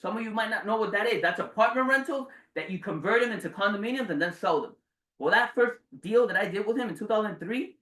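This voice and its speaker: A man in his forties giving a motivational speech to a live audience, dramatic and swearing, jumping between loud bursts and hushed low lines. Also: far from the mic. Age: 40s. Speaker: motivational speaker. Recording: roomy sound from away from the mic.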